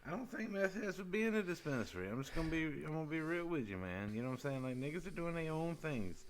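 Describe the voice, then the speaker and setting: A man's voice: fairly high pitch, lively intonation, fast talker, slight background noise. A man co-hosting a casual podcast, talking in a laid-back, slangy, profane way. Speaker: podcast co-host. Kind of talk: casual chat.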